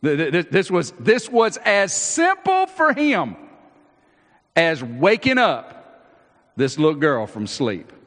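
A man, a pastor preaching a sermon, animated and acting out the Bible scenes he tells, with frequent restarts. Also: on the high side, takes it slowly. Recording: long reverb of a large hall.

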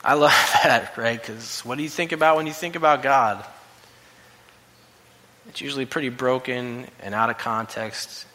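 A man preaching a sermon, telling stories and rising to loud, emphatic quotes. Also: mid-range voice, moderate pace. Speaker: pastor. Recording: long reverb of a hall.

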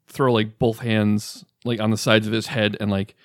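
A man playing a tabletop game, describing his character's actions haltingly. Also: lowish voice, little pitch movement, dry recording, clean studio sound. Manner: halting, lots of "like". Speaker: player.

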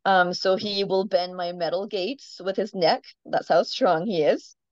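A woman's voice: on the low side, a little slow, darkish tone, no echo, dull audio. Chatty woman telling animal stories. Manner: chatty storyteller, laughs often, many ums. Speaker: farm animal owner, guest. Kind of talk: casual interview chat.

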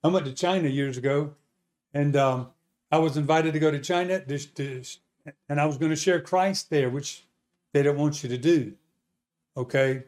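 Man, high voice, preacher, testimony sermon, animated storyteller, asks the crowd questions. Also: moderate pace.

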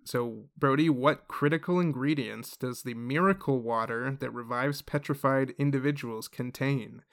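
A man running a casual quiz among friends on a podcast, playful and quick to laugh. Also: mid-range voice, fairly bright tone. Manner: playful, laughs between questions. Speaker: quiz host.

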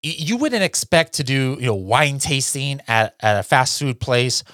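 A man's voice: medium pitch, expressive, normal speed, a bit bright, no echo, studio quality. A man hosting a podcast, announcing new features in an enthusiastic, chatty way with many "all right"s and "guys". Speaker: podcast host.

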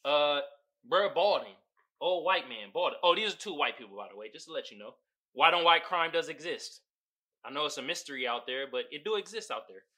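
A male podcast host with a piercing, bright voice that jumps all over the place as he talks. He riffs on memes in loose, profane slang and breaks into laughter often. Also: fairly high pitch, animated, a little fast. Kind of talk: casual comedic commentary on memes.

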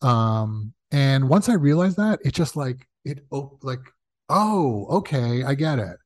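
A man's voice: medium pitch, slow, dry recording, studio quality. A man talking casually as a guest about comedy writing, acting out the people he quotes. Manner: animated, acts out quoted voices. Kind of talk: casual storytelling in conversation.

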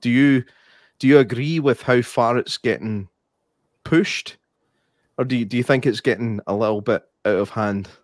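Excitable laughing man, podcast host. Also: medium pitch, normal speed, no room sound, clean studio sound. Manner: excitable, laughs loudly, swears. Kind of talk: casual chat.

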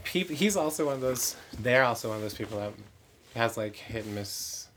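A man's voice: mid-range voice, expressive, moderate pace, a bit bright, slight background noise. A man who performs in drag, chatting candidly in an interview with many "like" fillers and self-mocking asides. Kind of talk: casual interview chat.

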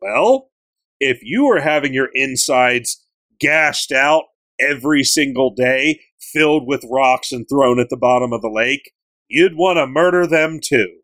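A man's voice: mid-range voice, lively intonation, unhurried, fairly bright tone, no echo. A man casually voicing a surly, drunk male big bad wolf while retelling a game scene. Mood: grumbling.

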